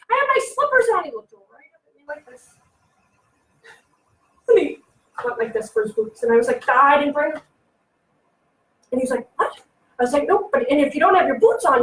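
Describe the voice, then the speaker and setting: A woman giving a lively parenting workshop to a live audience, acting out children and adults in quick little voices. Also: high-pitched. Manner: animated, acts out kids and adults in quick voices. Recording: echoey room, voice from a distance.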